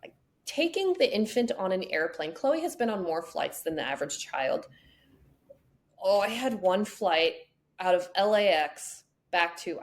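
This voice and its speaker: A woman hosting a podcast, chatting casually and telling animated stories in which she acts out the people in them. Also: lowish voice. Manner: animated storyteller acting out quotes. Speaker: podcast host. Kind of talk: casual conversation, storytelling.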